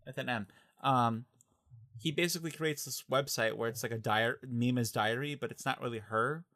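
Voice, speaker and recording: A man's voice: medium pitch, moderate pace, pushed and bright. A young man co-hosting a podcast, chatting casually about a film and now and then mimicking characters' voices. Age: young adult. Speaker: podcast co-host. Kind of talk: casual movie discussion.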